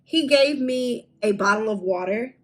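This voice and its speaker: A woman's voice: a little high, a little slow, poor audio. Candid woman telling a storytime. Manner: animated, candid storytelling with casual swearing. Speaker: vlogger. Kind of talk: storytime vlog.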